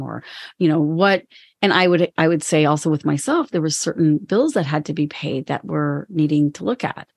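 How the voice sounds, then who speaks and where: A woman co-host with a fairly low voice talks through personal experience in a candid, reflective way, sometimes acting out her inner voice. The recording is dry and close, with little room sound. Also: lively intonation, moderate pace, a little mellow, husky, dry recording. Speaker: podcast co-host and business owner. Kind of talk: casual podcast conversation.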